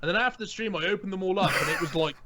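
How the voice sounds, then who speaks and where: A man's voice: high voice, racing, background noise. A man on a casual podcast, telling a rambling, laid-back story as a guest streamer.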